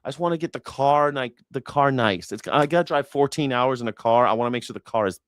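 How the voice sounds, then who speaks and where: Talking fast in a mid-range, fairly bright voice, the independent news and culture commentator riffs through rambling, profane, jokey anecdotes on his livestream, acting out people's lines. The sound is dry and studio quality.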